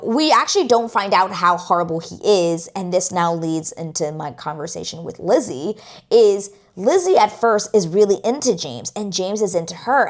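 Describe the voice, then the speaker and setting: Low-voiced woman ranting about a series. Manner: emphatic and outspoken, heavy use of "like", swears. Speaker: TV series reviewer. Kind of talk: casual review vlog.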